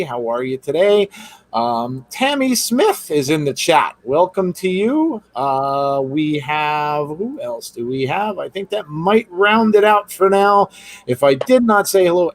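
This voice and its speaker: A man's voice: sits high, no room sound. A man hosting a live podcast, chatting casually and rambling through greetings to viewers. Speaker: podcast host. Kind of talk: casual live-stream chat.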